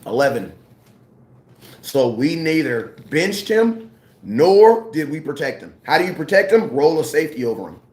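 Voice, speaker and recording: A man with a fairly high voice rants in a casual sports talk, slangy and worked up, hammering his points again and again. His voice rings in an echoey room. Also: normal speed. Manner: animated, ranting, repeats himself, slangy. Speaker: sports commentator.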